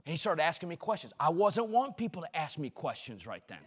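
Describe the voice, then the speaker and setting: A middle-aged male preacher delivering a sermon, shouting rhythmic repeated lines and dropping to quiet storytelling. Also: fairly high pitch, very animated, fast talker, breathy edge. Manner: swings between shouted exclamations and quiet storytelling; repetitive, rhythmic preaching cadence.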